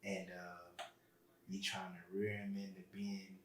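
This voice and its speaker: A man speaks low and steady, his deep voice barely moving in pitch. He talks earnestly and from the heart as a podcast guest in a casual chat. The room around him rings with echo. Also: measured pace, a little hiss or hum. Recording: roomy, echoey room.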